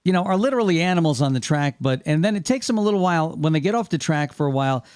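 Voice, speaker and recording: A man's voice: on the high side, animated, very fast, darkish tone, clear, resonant tone, no echo, clean studio sound. An older man hosting a radio interview, asking long, chatty questions. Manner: talkative, leading long questions. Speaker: radio host.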